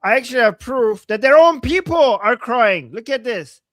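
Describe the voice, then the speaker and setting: A man co-hosting a heated political commentary show, indignant, often shouting and laughing. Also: extremely high pitch, lively intonation, normal speed, no room sound, rough recording. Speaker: co-host.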